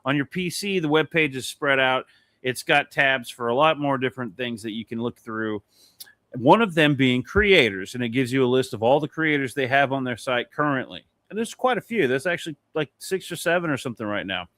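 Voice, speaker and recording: A man's voice: mid-range voice, brisk, no room sound. A man co-hosting a casual talk show, telling a long story with a lot of swearing. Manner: animated, swearing, rambling anecdote. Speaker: podcast co-host.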